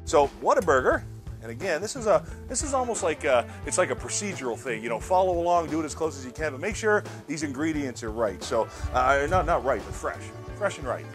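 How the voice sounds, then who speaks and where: A man talks viewers through a recipe in a loose, chatty way, often repeating himself. His slightly high voice swings up and down with lively energy. Faint music plays under his voice. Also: a little fast. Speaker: cooking channel host. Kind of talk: casual cooking demonstration.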